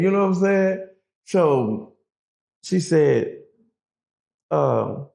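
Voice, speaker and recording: A man's voice: a little high, drawn-out words, gravelly, pauses often. A man telling a prison story in a casual, profane way, acting out the other people's voices. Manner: profane, animated, acts out quoted voices.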